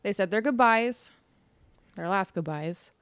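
A woman's voice: medium pitch, animated, a little slow, fairly bright tone, clear, resonant tone, no room sound. A woman co-hosting a podcast, telling a true crime story in casual, chatty talk, laughing often and swearing. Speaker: podcast co-host.

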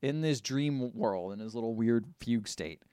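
A man co-hosting a podcast, casually retelling a movie plot in an animated, rambling way. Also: medium pitch, moderate pace, smooth, no echo, studio quality. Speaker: podcast co-host. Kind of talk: casual movie recap chat.

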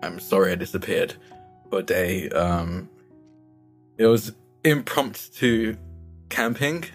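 A man's voice: low-pitched, animated, measured pace, soft background music. A man playing his character in a tabletop game, rambling with lots of fillers. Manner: rambling with many fillers and likes. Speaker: player.

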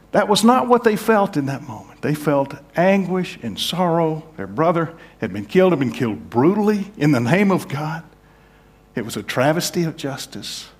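A man preaching a sermon as pastor, earnest, moving between hushed, slow passages and emphatic, raised ones. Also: fairly high pitch. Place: church sanctuary.

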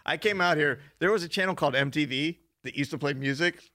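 A man's voice: a little high, fast talker, sharp tone, no room sound, studio quality. A man co-hosting a podcast, joking and reminiscing in casual chat. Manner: joking banter, laughing interjections. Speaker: podcast co-host.

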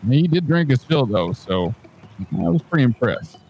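A man speaking in character as a tabletop player, hesitant and halting. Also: mid-range voice, very animated, a little mellow, a little hiss or hum. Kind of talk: in-character tabletop role-play.

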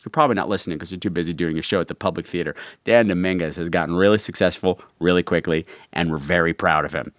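A man hosting a podcast, telling stories in casual, animated chat with campy asides. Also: deep voice, fast talker, few pauses, no echo, clean studio sound. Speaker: podcast host.

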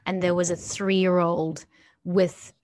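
A woman's voice: fairly low pitch, flat delivery, slow pace, a little mellow, dry recording. A woman, hosting a podcast and chatting casually, peppered with "like". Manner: chatty, lots of "like", acts out quotes. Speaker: podcast host.

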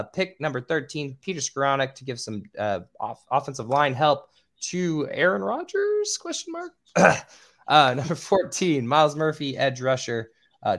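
A man hosting a casual podcast who stumbles over names and swears now and then, with a voice he calls squeaky. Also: fairly bright tone. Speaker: podcast host.

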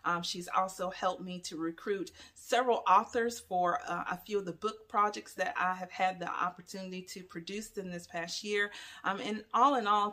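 A woman's voice: medium pitch, a bit bright. A woman giving an earnest spoken testimonial as a consultant, repeating herself with many ums and uhs.

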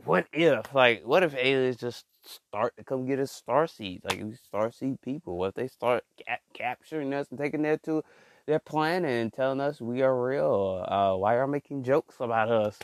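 A man's voice: mid-range voice, slight background noise. A man vlogging in a casual monologue who stammers and repeats words, talks in slang and calls his listeners y'all and bro.

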